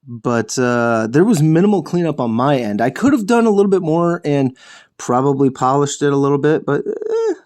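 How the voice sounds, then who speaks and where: A man's voice: on the high side, expressive, moderate pace, darkish tone. A young man hosting a miniature painting show, chatting casually while he paints, rambling, correcting himself and joking with the odd curse. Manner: rambling, self-correcting, jokey with swearing.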